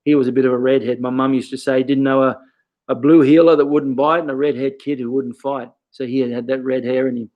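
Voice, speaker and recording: A man's voice: mid-range voice, fairly even intonation, fast, lo-fi sound. A man, a karate instructor giving casual teaching advice, peppering his talk with questions and "okay".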